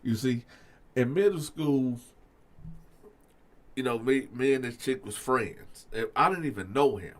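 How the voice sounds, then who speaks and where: A man's voice: unhurried, pauses often. A man hosting a storytelling channel, telling a story to his viewers in a loose, slangy way and acting out both sides of the conversation. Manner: animated, acts out both sides of a story with raised pitch for himself; loose slangy delivery, addresses viewers as y'all.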